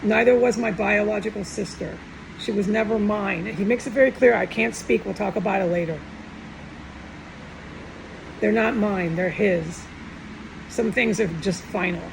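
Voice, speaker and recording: A woman's voice: mid-range voice, normal speed, gravelly, pauses often, noisy background. A middle-aged woman talking tearfully and in a rambling, upset way in a personal monologue, often trailing off and starting over.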